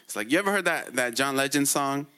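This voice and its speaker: A man's voice: mid-range voice, lively intonation, fast talker, sharp tone, clean tone. A man retelling a myth in casual storytelling style, full of slang, chuckles and fillers.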